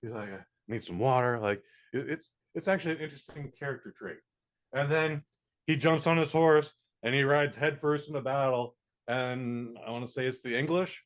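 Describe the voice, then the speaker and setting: A man's voice: medium pitch, moderate pace. Male podcast co-host, rambling casual movie talk full of fillers, mid-range voice. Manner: rambling, lots of fillers and restarts. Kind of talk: casual movie review chat.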